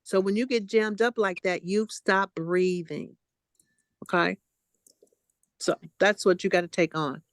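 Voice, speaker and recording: A woman's voice: medium pitch, steady tone, unhurried, long pauses, dry recording, clean studio sound. A woman co-hosting a group talk, coaching a friend through her breathing in a coaxing, affectionate way. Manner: warm, coaxing, calls people honey and baby. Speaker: co-host.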